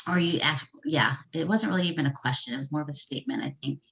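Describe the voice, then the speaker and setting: A woman's voice: low voice, fast talker, gravelly, a bit bright. A woman guest in a casual interview, speaking candidly and emotionally, with laughs and sighs. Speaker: interview guest, coaching client.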